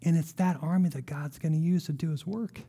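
A male pastor with a fairly high voice delivers a lively sermon. He reads scripture with deliberate emphasis and keeps questioning his listeners. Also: breathy edge. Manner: animated, asks the congregation rhetorical questions.

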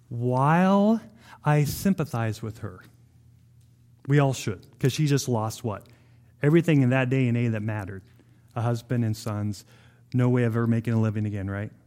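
A man preaching a sermon as pastor, retelling a scripture story with animated, vivid storytelling. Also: mid-range voice.

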